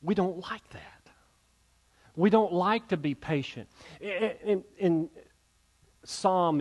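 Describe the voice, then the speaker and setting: A man's voice: high-pitched, slow pace, pauses often. A male pastor, preaching a sermon and leading an invitation, earnest and emphatic, often repeating words as he builds.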